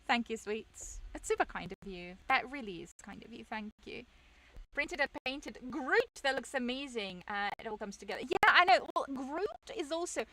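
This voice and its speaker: A woman's voice: mid-range voice, bright, forceful tone. A young woman streamer chatting casually with her viewers, rambling, self-deprecating and laughing often.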